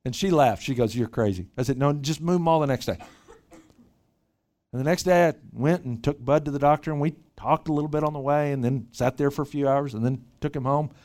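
A man's voice: mid-range voice, quick pace, few pauses, a little mellow. A middle-aged male pastor giving a sermon, telling a story with lots of repeated word starts as he builds his point. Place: church retreat hall.

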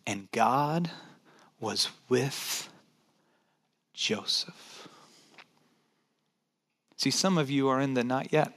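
A man preaching a sermon in a dynamic, conversational way, dropping to soft near-whispers and rising to emphatic points, with joking asides. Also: medium pitch, lively intonation, drawn-out words, long pauses. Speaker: pastor.

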